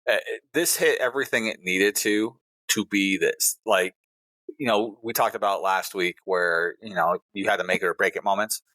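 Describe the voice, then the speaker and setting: A male podcast co-host giving an animated, play-by-play recap in casual chat. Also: fairly low pitch, normal speed, no room sound.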